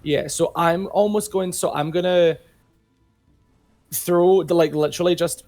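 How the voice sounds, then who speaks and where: A man's voice: sits high, steady tone, unhurried, a little mellow, soft background music. A man playing a tabletop game, describing his moves in a chatty, hesitant way. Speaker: player. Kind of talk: casual tabletop play.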